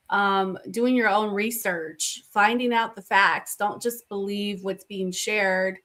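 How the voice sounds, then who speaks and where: A woman who is a student, joining a casual panel talk in a quick, eager way. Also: medium pitch, fairly bright tone.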